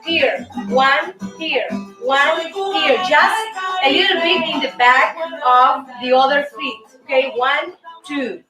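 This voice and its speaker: A high-pitched woman with a Cuban Spanish accent leads a lively dance lesson as host, counting out the steps rhythmically. She talks at an unhurried pace. Her voice comes from a distance in a roomy space, with faint music behind her. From Cuba. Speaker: show host and dance teacher.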